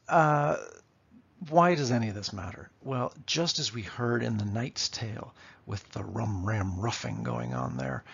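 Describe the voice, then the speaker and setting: A man's voice: mid-range voice, vocal fry, a bit bright, husky, dull audio. A man teaching literature in a lecture, explaining and tapping out rhythms aloud, often checking in with "okay?". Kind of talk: classroom lecture.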